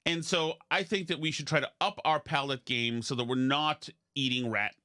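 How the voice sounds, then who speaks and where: Man, podcast host, bright tense voice, dry close sound, rambling self-mocking chat. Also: fairly high pitch, fairly even intonation, moderate pace, no room sound. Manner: rambling, self-deprecating, with many restarts. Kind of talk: casual comedic chat.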